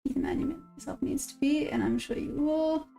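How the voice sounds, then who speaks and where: A woman's voice: sits high, brisk, creaky, mellow. A South African woman hosting a live trading stream, chatting casually and answering viewers' comments. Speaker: day-trading livestream host. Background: faint background music.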